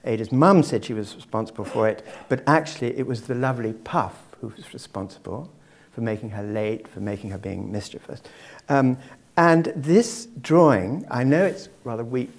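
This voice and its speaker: A man's voice: medium pitch, gravelly, darkish tone. Man, public lecture, wry asides, mid-range voice, talking to an audience. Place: lecture before a live audience.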